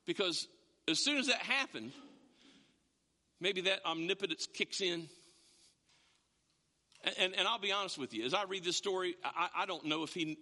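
Animated preaching man in a reverberant hall. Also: high-pitched. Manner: animated, conversational preaching with repeated restarts. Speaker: pastor. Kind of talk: sermon.

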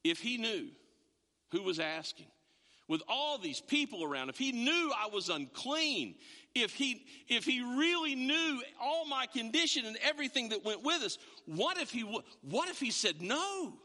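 Animated preaching man in a reverberant hall. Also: extremely high pitch, moderate pace. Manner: animated, conversational preaching with repeated restarts. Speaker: pastor. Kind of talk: sermon.

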